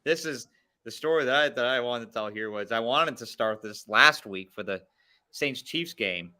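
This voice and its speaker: A man hosting a live game reaction show, jumping in with jokes and getting excited as plays unfold. His voice is bright and forward, and he stumbles through fillers and restarts as he talks. His pitch sits in an average range. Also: normal speed. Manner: excitable and joking, with lots of filler and stammered starts. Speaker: host. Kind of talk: casual sports watch-along chat.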